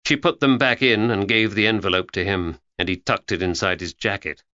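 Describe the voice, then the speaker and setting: A man narrating an audiobook with an expressive storytelling delivery. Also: fairly low pitch, a little fast, no room sound. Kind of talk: scripted narration. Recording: dull, lo-fi audiobook recording.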